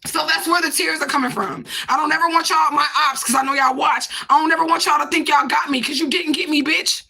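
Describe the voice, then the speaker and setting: A woman's voice: high voice, fairly even intonation, fast, creaky, few pauses, pushed and bright. A young adult woman giving a raw, repetitive livestream monologue to her viewers, swearing often. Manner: addresses viewers directly.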